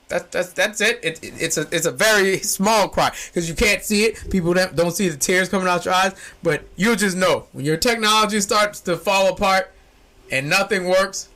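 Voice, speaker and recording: A man hosting a podcast in casual chat, rambling and joking in slangy talk, now and then breaking into loud shouts. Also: high-pitched. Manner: uses informal slang. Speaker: podcast host.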